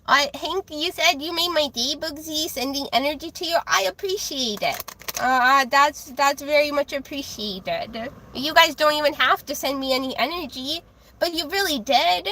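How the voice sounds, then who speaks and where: A young woman with a high, childlike voice, chatting casually with viewers on a livestream while reading tarot. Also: moderate pace, pushed and bright, slight background noise. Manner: chatty, giggly, reads chat aloud.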